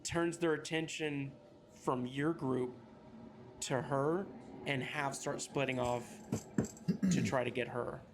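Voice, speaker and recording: A man's voice: medium pitch, steady tone, slow, pauses often. A man narrating a tabletop game as game master in a loose, filler-heavy way. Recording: background noise.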